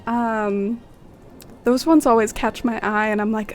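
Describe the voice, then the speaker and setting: A woman's voice: mid-range voice, steady tone, unhurried, darkish tone, soft background music. A woman streaming a game, chatting casually, greeting viewers by name and using lots of "like". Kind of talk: casual live-stream chat.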